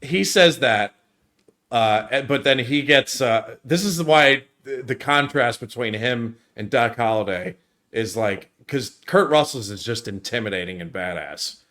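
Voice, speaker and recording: A man's voice: mid-range voice, a little slow. Male co-host, mid-range voice, loose chatty film talk, keeps restarting as he walks through scenes. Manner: animated scene retelling with frequent restarts. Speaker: film review podcast co-host. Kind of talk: casual film discussion.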